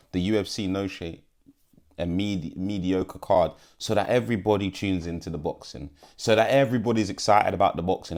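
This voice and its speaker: A man's voice: on the low side, darkish tone. A man giving a blunt, profane fight prediction in a casual vlog, often repeating himself. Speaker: MMA YouTuber.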